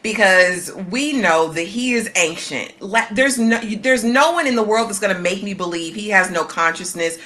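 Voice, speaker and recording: A woman's voice: mid-range voice, expressive, moderate pace, few pauses, fairly bright tone. A woman co-hosting a casual TV recap chat, blunt and opinionated with dry sarcasm. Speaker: co-host on a recap panel.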